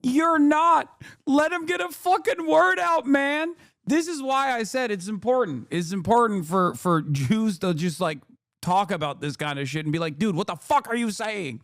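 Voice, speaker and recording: A man rants over a clip on his live stream, swearing freely and breaking into mocking laughter. His voice sits high for a man. The sound is close and dry, with no room around it. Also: normal speed, fairly bright tone, dry recording. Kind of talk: profane live-stream reaction rant.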